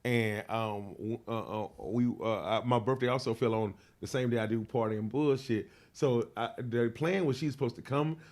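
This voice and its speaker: A man telling a wild personal story in an interview, slangy and profane, full of fillers, getting loud and animated as he acts it out. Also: medium pitch, normal speed, few pauses. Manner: grows loud and animated when reenacting. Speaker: interview guest.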